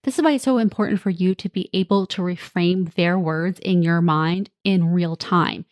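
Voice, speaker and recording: A woman's voice: lowish voice, moderate pace, a little mellow, no echo, studio quality. A woman hosting a parenting podcast, speaking as a coach in a reassuring, direct way and now and then acting out what kids and parents say. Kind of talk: solo podcast talk.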